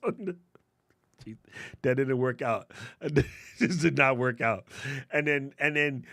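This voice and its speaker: A man hosting a live question-and-answer stream, giving casual, energetic advice in slangy talk and calling viewers family. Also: fairly high pitch, no echo, studio quality. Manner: energetic, slangy, addresses chat as fam and family. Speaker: host answering creator questions.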